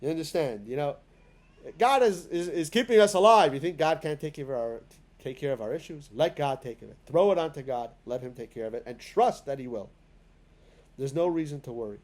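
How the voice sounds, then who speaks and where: A man's voice: fairly high pitch, animated, fairly quick, a little mellow. A man teaching a spoken lesson in a synagogue class, talking in a conversational way full of fillers and restarts.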